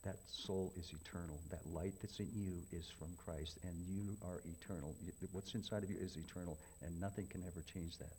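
A man preaching a folksy sermon, swinging from loud emphatic questions to hushed, near-whispered lines. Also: deep voice, fairly even intonation, fairly quick, hardly any pauses, slightly rough. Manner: folksy, repetitive, addresses congregation as folks.

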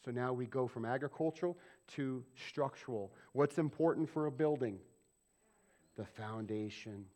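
A man preaching a sermon as pastor of a church, asking the congregation questions and acting out quoted voices. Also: medium pitch. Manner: animated, asks the congregation questions and acts out quick quoted voices.

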